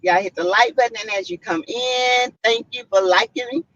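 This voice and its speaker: A woman's voice: on the high side, normal speed, fairly bright tone, no echo. A woman with a Southern US accent hosting a casual live stream, chatty and full of "mm-mm" and "y'all" asides to her viewers. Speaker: livestream host. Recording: slightly muffled lo-fi stream audio.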